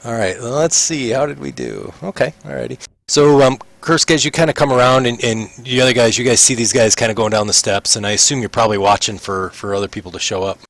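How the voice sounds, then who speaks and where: A man's voice: mid-range voice, fairly even intonation, quick pace, creaky, hardly any pauses, fairly bright tone, dry recording. A man running a tabletop game over voice chat, narrating hesitantly with many ums and restarts. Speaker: game master.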